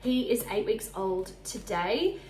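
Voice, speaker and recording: A woman in her thirties with an Australian accent, chatting casually to camera about her week, talking fast enough to sound out of breath. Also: mid-range voice, expressive, darkish tone, echoey room, slight background noise, poor audio. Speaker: vlogger. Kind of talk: casual chat.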